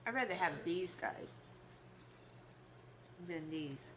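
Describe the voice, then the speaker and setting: Bright-voiced woman chatting while she eats. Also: fairly low pitch, measured pace, pauses often, a little hiss or hum. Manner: rambling, chatty storytelling; talks between bites, trails off. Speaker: mukbang vlogger. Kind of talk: casual chat while eating.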